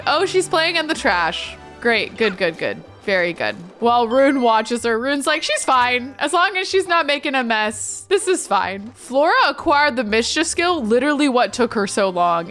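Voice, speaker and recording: A woman's voice: a little high, a bit bright. A woman giving chatty, giggly let's-play commentary on her life-simulation game as a gaming YouTuber.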